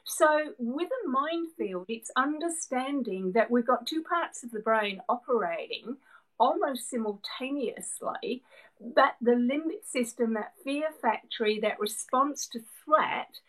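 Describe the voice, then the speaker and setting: A middle-aged woman with a New Zealand accent, a guest expert on a video call. She answers at length, in an animated way, laughing now and then and repeating words as she works out her thoughts. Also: a little high, measured pace, poor audio. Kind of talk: explanatory interview answers.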